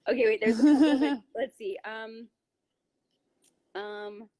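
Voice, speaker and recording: A woman's voice: fairly high pitch, measured pace, a crowd in the background. Chatty teasing woman on a live stream. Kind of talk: casual chat.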